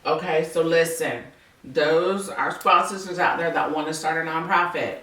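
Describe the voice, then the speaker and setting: A woman hosting a casual faith-based interview, animated and playful, acting out quotes with big jumps in her voice. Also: sits low, measured pace, reverberant, far from the mic, low-quality recording. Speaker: podcast host.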